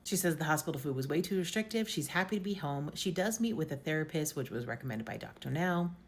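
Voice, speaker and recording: A woman's voice: deep voice, expressive, fast. A woman casually recapping a reality show's story, chatty and full of "basically" and "like". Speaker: show recap host.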